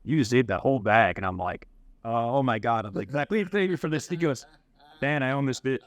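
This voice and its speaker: A man's voice: medium pitch, a little fast. A man on a podcast co-hosting from a cigar bar, telling stories casually and acting out the people he quotes. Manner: animated, acts out quoted voices. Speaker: podcast co-host. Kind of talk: casual storytelling.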